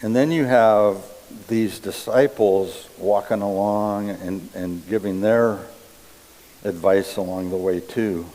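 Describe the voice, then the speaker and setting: A man preaching a sermon in a church, reading scripture and explaining it deliberately. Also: fairly low pitch, fairly even intonation, warm tone. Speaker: pastor. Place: church sanctuary. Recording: long reverb of a church hall.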